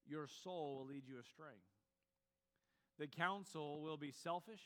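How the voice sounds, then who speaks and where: A man's voice: high-pitched, a bit bright, in a large hall. A man preaching a sermon in a conversational way, with fillers and restarts. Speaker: pastor.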